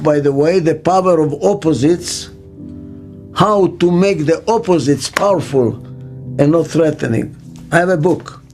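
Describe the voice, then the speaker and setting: An older man, a business consultant giving a reflective interview, speaks emphatically and deliberately, repeating key phrases and posing rhetorical questions. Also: fairly high pitch, a little mellow.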